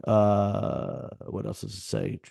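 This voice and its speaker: Male podcast host, low-pitched, blunt, rambling casual talk. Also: very animated, slow, creaky, warm tone, clear, resonant tone. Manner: rambling, blunt, many restarts. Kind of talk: casual chat.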